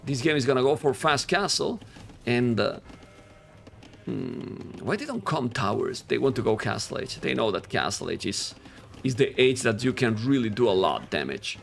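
Excitable male esports caster. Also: medium pitch, normal speed, creaky, a little hiss or hum. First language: Spanish. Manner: excitable, animated casting voice, non-native grammar. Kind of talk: live game commentary.

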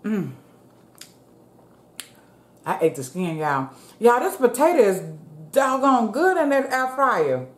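A woman's voice: on the high side, big pitch swings, slow pace, pauses often. Chatty woman vlogger talking to viewers. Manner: chatty, keeps addressing viewers as y'all. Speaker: mukbang vlogger. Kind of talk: casual eating-show chat. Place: at home. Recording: roomy echo.

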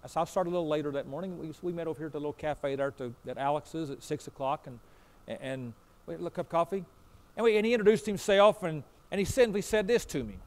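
A man's voice: on the high side, fast talker. A man preaching a sermon as pastor, telling a story in a folksy way and acting out both sides of a conversation. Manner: folksy, repeats "I said" and "he said".

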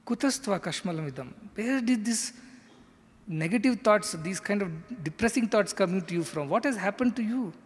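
Man doing a stern divine teacher, scolding, forceful, raised voice, hall reverb. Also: sits high, a little fast. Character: stern divine male teacher rebuking his pupil.

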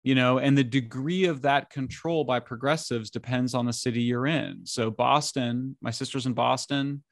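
A middle-aged man talking as an interview guest, animated and incredulous, speaking in bursts with frequent restarts. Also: medium pitch, moderate pace, vocal fry, dry recording, clean studio sound. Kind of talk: conversational interview.

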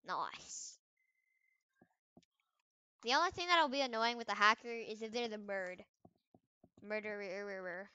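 A woman's voice: medium pitch, normal speed, bright, forceful tone, clear, resonant tone, dry recording, dull audio. A young woman chatting playfully while playing an online game, exclaiming often as she narrates what happens. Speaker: gamer. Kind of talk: casual gameplay commentary.

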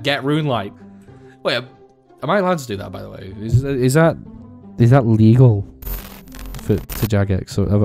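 Young guy commentating his game, swears a lot, goes from mumbly to shouty, soft music in the back. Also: mid-range voice. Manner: excitable, sweary, swings between mumbling and shouting. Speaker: gaming video host. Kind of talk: casual gameplay commentary. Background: faint background music.

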